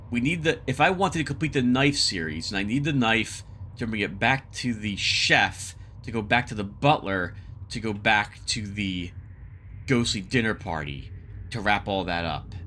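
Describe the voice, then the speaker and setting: A man's voice: fairly low pitch, animated, normal speed, bright, forceful tone, slight background noise. A man narrating his solo board game playthrough in casual commentary, thinking aloud, muttering asides and reading card text aloud. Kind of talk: casual let's-play commentary. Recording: background music under the voice.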